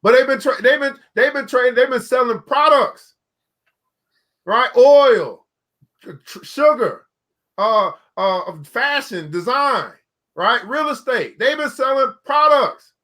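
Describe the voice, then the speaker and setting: A man's voice: extremely high pitch, animated, slow, sharp tone. A man hosting a casual online talk about making money, folksy and preachy, often repeating himself as he explains. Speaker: show host. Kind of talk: casual business talk to camera.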